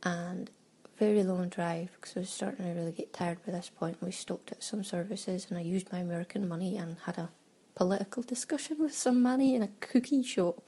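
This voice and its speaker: A fairly low-pitched woman from Scotland talks a little fast with hardly any pauses, her dark tone carrying a breathy edge. The recording is rough. In her travel audio diary she is chatty and laughing, acting out little exchanges and breaking into quoted exclamations.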